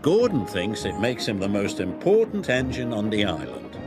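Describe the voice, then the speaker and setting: A man narrating a children's railway story in a slow, expressive reading. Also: on the low side, gravelly. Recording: loud background music.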